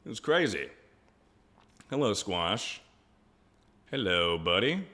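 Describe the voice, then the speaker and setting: A man's voice: lowish voice, very animated, slow, bright, forceful tone. A young man streaming live, chatting casually in a rambling, crude way and laughing often.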